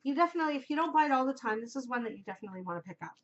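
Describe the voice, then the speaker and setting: Chatty, gushing woman host, slightly high voice. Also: animated, racing, fairly bright tone, highs cut off. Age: 40s. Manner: gushing, chatty, rambling with many fillers. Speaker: knitting podcast host. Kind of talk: casual chat.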